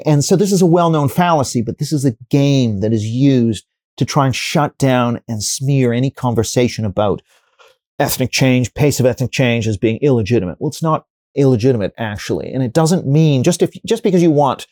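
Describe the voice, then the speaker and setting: In a studio-quality interview with no room sound, a professor answers conversationally in a mid-range, darkish voice. He builds his points step by step through examples and hypotheticals, frequently restarting sentences and using fillers as he thinks.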